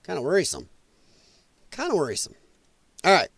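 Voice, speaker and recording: A man with a high, lively voice hosts a livestream from home, swearing freely and laughing as he reacts to his viewers. The sound is dry and close to the mic. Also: moderate pace, creaky, breathy edge, dry recording. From US Midwest. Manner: loud, profane, laughing often. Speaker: livestream host. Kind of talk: casual livestream commentary. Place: home, dog nearby.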